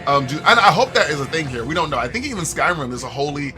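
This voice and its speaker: A man's voice: a little high, sing-song, fast. A man streaming a video game, joking and reacting animatedly while he talks to his chat. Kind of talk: casual gameplay commentary. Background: game music.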